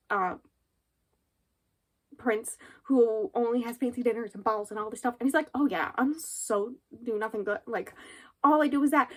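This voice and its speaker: A woman with a notably high voice gives a casual book review vlog. She retells the story in a loose, rambling flow, animated and full of fillers.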